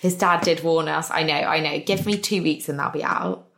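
A woman's voice: low voice, steady tone, moderate pace, gravelly, a bit bright. A young woman chatting casually as a co-host, reacting expressively and laughing. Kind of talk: casual chat.

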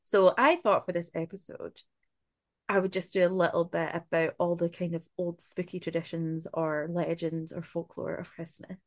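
With a fairly low pitch, fairly even intonation and moderate pace, a Scottish podcast co-host chats casually through spooky folklore. She swears freely and tosses in laughing asides, and the recording has no room sound.

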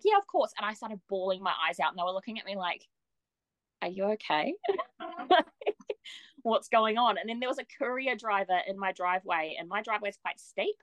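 A young woman, a podcast guest telling her story in a lively way, laughing often and acting out what people said. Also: medium pitch, fast talker, no room sound, poor audio. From New Zealand. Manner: lively, laughs often, acts out quoted voices. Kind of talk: casual storytelling.

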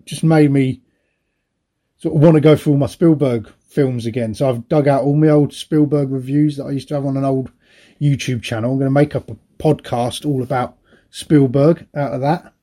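A middle-aged man co-hosts a podcast, chatting casually about films in a rambling, anecdotal way and laughing often. His voice is medium-pitched, steady and warm, at a moderate pace.

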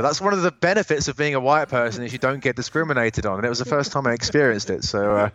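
A man's voice: mid-range voice, fast, few pauses, fairly bright tone, no echo, highs cut off. A man from England with a posh English accent, talking in a rambling, sweary casual chat as a podcast guest. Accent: posh English, slightly Australian-tinged. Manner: sweary, rambling, repeats words.

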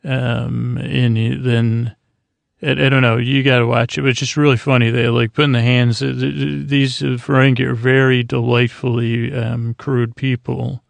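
A man hosting a sleep podcast, recapping an episode in a low-key, rambling way, full of fillers and restarts. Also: level tone, moderate pace, gravelly, no room sound. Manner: low-key, drowsy delivery. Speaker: podcast host.

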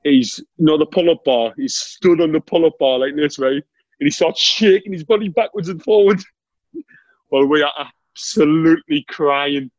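A man's voice: a little high, moderate pace, no echo, highs cut off. A man telling stories in a casual chat, laughing often and saying "mate" constantly. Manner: laughs a lot while telling anecdotes, says "mate" constantly.

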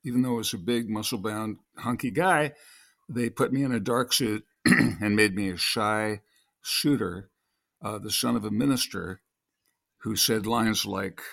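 A man's voice: fairly low pitch, unhurried, gravelly, a bit bright. An older man, a guest actor, telling long rambling stories in an interview and acting out quoted lines. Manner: storytelling, acts out quotes.

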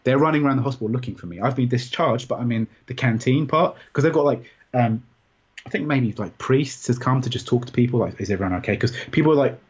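A man recounting a personal experience in an interview, rambling and halting with many restarts. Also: medium pitch, a little mellow, husky. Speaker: interview guest. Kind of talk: personal story in conversation. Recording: dull, muffled sound.

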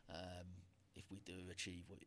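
A man's voice: low voice, monotone, moderate pace, fairly bright tone, slight background noise. A man hosting an interview podcast, asking long, reflective, meandering questions. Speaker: podcast host.

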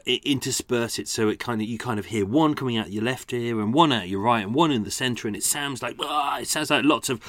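A man's voice: medium pitch, no echo. A man hosting a podcast, chatting casually with rambling, self-deprecating remarks and frequent laughs. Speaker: podcast host. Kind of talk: casual commentary. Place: home by a canal.

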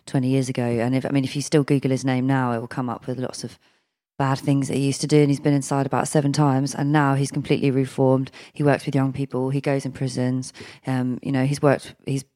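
A man's voice: medium pitch, monotone, quick pace, dark tone. Mid-voiced man, hesitant conversational co-host, full of ums. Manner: thoughtful, hesitant with many ums. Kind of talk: casual chat.

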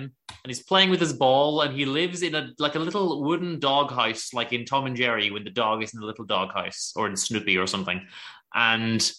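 Animated, bright-voiced man. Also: medium pitch. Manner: sarcastic, animated storytelling. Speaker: podcast co-host. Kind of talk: casual chat reviewing a show.

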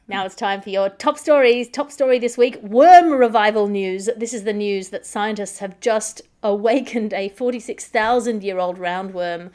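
A woman's voice: medium pitch, normal speed, a little mellow. A woman hosts a comedic news podcast with a dry, wry delivery. She talks in a mid-range voice into a studio mic. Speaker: host.

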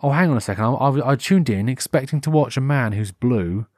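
In a brisk, mid-range voice, a British man rambles through an unscripted solo podcast episode, correcting himself as he goes. Acting things out, he livens up with playful put-on voices, and the wired headphone mic delivers studio-quality audio with no room sound.

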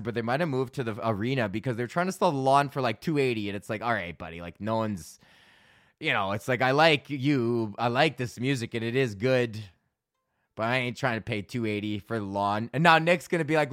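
A man in his thirties hosting a podcast, ranting casually and profanely, telling animated stories with lots of laughs. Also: medium pitch, no room sound, clean studio sound. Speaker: podcast host.

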